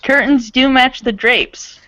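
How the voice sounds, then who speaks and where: A woman narrating as game master of a tabletop role-playing game in a casual, unhurried way. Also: high-pitched, fairly even intonation, fairly bright tone, dry recording, poor audio.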